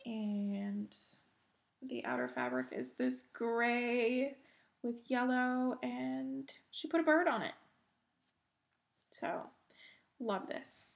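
Slow-talking woman with a gravelly edge. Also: fairly high pitch, expressive. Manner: chatty and self-deprecating, with soft laughs. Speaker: cross-stitch video host. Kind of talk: casual show-and-tell chat.

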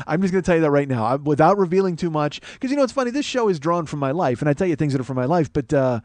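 A man's voice: fairly high pitch, sing-song, very fast, few pauses, a little mellow, no room sound. A man in his forties hosting a comedy podcast, delivering a profane, exasperated solo rant that swings between mock outrage and mumbling. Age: 40s.

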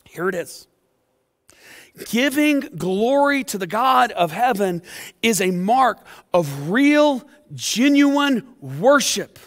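A male pastor preaching an impassioned sermon in a church, swinging between loud passages and hushed ones. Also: high-pitched, in a large hall. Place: church sanctuary.

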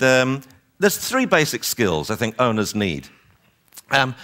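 A man lecturing a seminar on dog training, animated and wryly exasperated, acting out owners and dogs as he goes. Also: on the low side.

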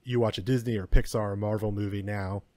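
A man's voice: lowish voice, fairly even intonation, fast talker, mellow, no room sound. A man co-hosting a podcast, giving blunt, opinionated film takes and swearing casually. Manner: opinionated, swears freely, occasional stumbling. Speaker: podcast co-host. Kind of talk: casual film review chat.

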